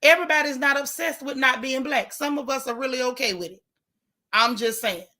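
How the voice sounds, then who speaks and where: A woman with a high-sitting voice runs a laid-back live stream, going through viewer comments at a brisk clip. She's animated and outspoken, hammering her points home with emphatic repetition.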